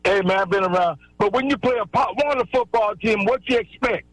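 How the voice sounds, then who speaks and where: A man's voice: high voice, brisk, a bit bright, no room sound, rough recording. A man calling in to a sports radio show, trash-talking the host in loose, brash banter. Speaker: regular caller. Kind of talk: phone-in banter.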